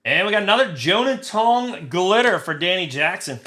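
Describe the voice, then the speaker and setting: A man hosting a live trading card break, talking crudely and getting excited, shouting over big pulls. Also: high-pitched, moderate pace.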